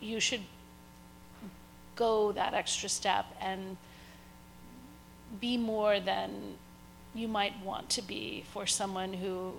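A woman's voice: medium pitch, flat delivery, slow pace, vocal fry, long pauses, a little hiss or hum, poor audio. A woman in the audience asking a long question at a talk, hesitant and searching for her words.

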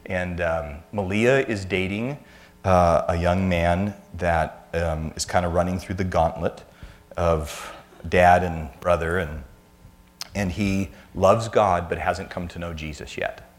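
A man's voice: deep voice, steady tone, measured pace. A man in his fifties, a church speaker giving a conversational sermon full of self-deprecating family anecdotes.

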